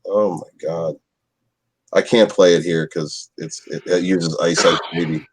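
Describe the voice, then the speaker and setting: A man's voice: deep voice, steady tone, a little slow, a crowd in the background. A man chatting casually on a podcast, rambling and crude, stumbling over his words and laughing often. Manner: crude, rambling, stammers and restarts, laughs a lot. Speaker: guest on a podcast.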